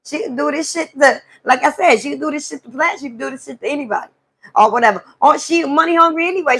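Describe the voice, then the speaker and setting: High-voiced woman venting. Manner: animated, profane storytelling to a live chat. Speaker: live stream host. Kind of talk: casual venting monologue.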